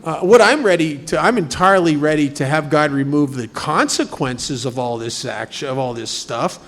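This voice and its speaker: Guy giving a recovery group talk, kinda high voice, chatty, lots of rhetorical questions. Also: normal speed, fairly bright tone. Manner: conversational, full of rhetorical questions. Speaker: speaker at a recovery group study.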